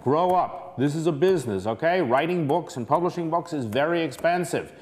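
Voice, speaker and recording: A man's voice: fairly high pitch, expressive, brisk, a little mellow, voice pushed up, close to an everyday voice. A man putting on a condescending woman who heads hiring at a company, dismissive and patronizing. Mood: scornful. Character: condescending woman office manager, head of hiring.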